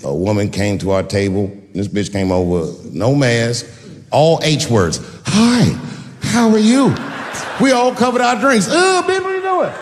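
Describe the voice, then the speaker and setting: A man's voice: on the low side, long reverb tail. A man doing a stand-up comedy set with a punchy delivery, acting out voices in his stories.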